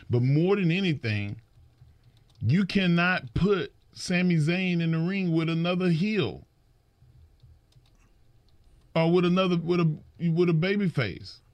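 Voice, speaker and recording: A man's voice: a little high, a little mellow, dry recording. A man in casual podcast chat, telling stories emphatically and often repeating words as he builds a point.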